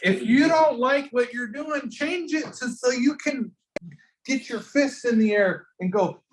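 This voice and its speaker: An energetic teacher drives an entrepreneurship class hard, singling out students by name. He speaks at medium pitch and an unhurried pace, and the classroom echoes.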